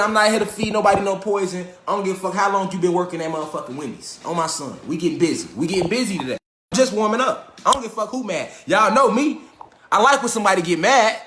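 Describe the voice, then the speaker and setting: A man's voice: high-pitched, brisk, fairly bright tone, reverberant. A man giving a live-streamed lecture, profane, streetwise and emphatic, often tossing questions back at his audience. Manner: repeats rhetorical questions to the audience.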